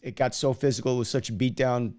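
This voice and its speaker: A man's voice: medium pitch, fairly even intonation, fast, darkish tone. A man hosting a hockey officiating talk show, chatting casually with stumbling restarts and teasing. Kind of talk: casual chat on a live stream.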